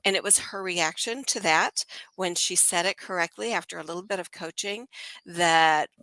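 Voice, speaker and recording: An older woman speaks in a lowish, bright voice with a dry, close sound. She tells her stories in an upbeat, warm way as an interview guest. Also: moderate pace, no echo, low-quality recording. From United States. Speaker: guest, speech pathologist. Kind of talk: podcast interview.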